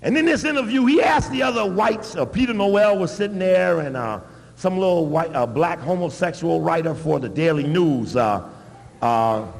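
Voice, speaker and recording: A man giving an animated, emphatic public talk with blunt asides. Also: on the high side, moderate pace, gravelly, big-room sound. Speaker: public speaker.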